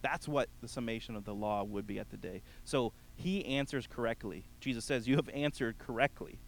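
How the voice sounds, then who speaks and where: A man's voice: mid-range voice, fairly quick, low-quality recording. Earnest male preacher with a faint hum. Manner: earnest, rising to emphatic peaks then dropping soft; addresses the congregation directly. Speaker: pastor. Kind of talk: sermon.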